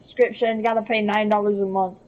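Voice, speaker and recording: High-voiced teen boy chatting. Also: flat delivery, fast talker, darkish tone, dull audio. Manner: joking, playful. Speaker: guest. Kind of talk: casual chat.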